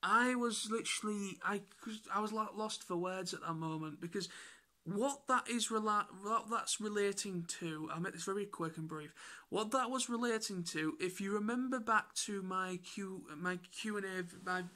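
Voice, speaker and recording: A man with an excitable, rambling way of telling stories in a casual vlog recap. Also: high voice, normal speed. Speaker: YouTuber.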